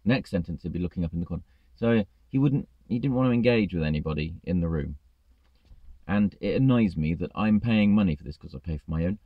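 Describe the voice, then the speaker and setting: A man's voice: low-pitched, lively intonation, a little fast, no room sound, dull audio. A man, a truck driver, ranting in a vlog, exasperated and swearing freely.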